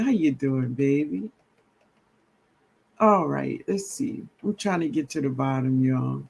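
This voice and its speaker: A man hosting a casual gardening livestream, greeting viewers warmly and reading out their comments with a relaxed drawl. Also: fairly high pitch, a little slow, vocal fry. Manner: drawling, greets viewers as baby, laughs often. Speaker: livestream host. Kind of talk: casual live-stream chat reading comments.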